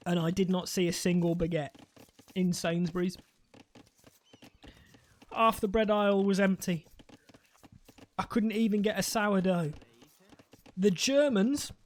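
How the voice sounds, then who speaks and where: A British esports caster does live commentary, rambling, joking, and often interrupting himself to restart sentences. His voice is high-pitched and a little mellow.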